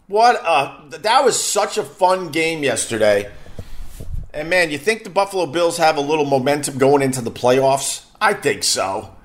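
A man's voice: a little high, lively intonation, unhurried. A middle-aged man from Long Island with a Long Island accent, a radio host telling stories in a rambling, self-deprecating, chatty way. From Long Island, New York. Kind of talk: casual on-air storytelling.

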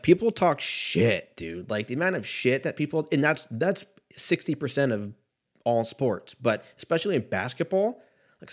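A man in his thirties ranting casually about basketball in a rambling, profane, self-mocking way. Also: mid-range voice. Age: 30s. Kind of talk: casual solo sports rant.

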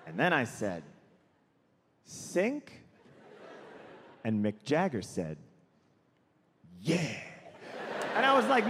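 A man's voice: sits high, big pitch swings, takes it slowly, long pauses, noisy background. A man in his thirties performing a stand-up comedy routine, telling a story animatedly and putting on voices. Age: 30s. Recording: live stage recording in a reverberant hall with faint ambience.

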